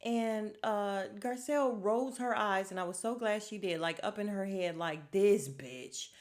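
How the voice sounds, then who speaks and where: A woman's voice: mid-range voice, moderate pace. Sassy, blunt woman podcaster. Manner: blunt, sassy, profane, quoting people in animated bits. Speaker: podcast host. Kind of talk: casual reality TV recap.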